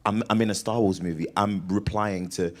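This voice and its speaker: Deep-voiced British man, animated. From Britain. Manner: animated, laughing storyteller with quick restarts. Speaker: actor guest. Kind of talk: casual interview chat.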